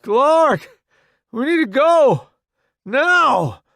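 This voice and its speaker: A man's voice: high voice, measured pace, fairly bright tone, clear, resonant tone, dry recording, pitched above the performer's own voice. A man doing an urgent young soldier.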